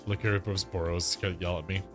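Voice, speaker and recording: A man hosting a casual let's-play, commenting in a playful, animated way. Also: deep voice, fairly quick, over music. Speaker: gaming channel host.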